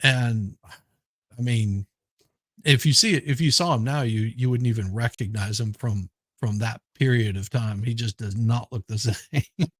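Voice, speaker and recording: A man's voice: mid-range voice, a little slow, no echo. A man hosting a casual chat, telling an anecdote in an easygoing way with restarts.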